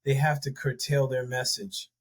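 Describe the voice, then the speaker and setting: A man's voice: medium pitch, level tone, moderate pace. A man co-hosting a podcast, talking loosely with many fillers and restarts. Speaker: podcast co-host. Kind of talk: casual podcast conversation.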